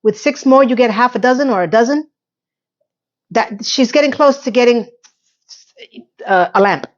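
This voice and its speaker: A woman's voice: a little high, normal speed. A woman vlogger recapping a TV episode in casual chat, sarcastic and chatty, with the odd curse word. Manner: sarcastic, chatty, occasional cursing. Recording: slightly muffled lo-fi audio.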